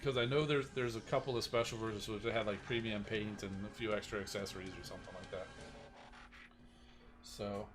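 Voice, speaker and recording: A man's voice: lowish voice, steady tone, a little fast, over music. Rambling male game streamer. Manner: rambling, with many restarts and asides to chat. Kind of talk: casual live-stream chat.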